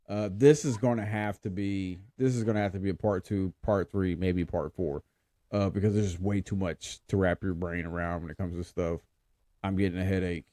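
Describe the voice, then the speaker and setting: A male podcast host talks in a low, mellow voice. He sounds exasperated and rambles, repeating himself as he chats. The sound is close and dry. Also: dry recording. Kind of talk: casual podcast chat.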